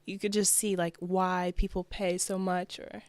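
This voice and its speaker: A woman's voice: fairly low pitch, level tone, measured pace. A young woman from New Jersey, a fashion designer, talking as a guest in a casual interview, chatty and upbeat with lots of "like" and "you know".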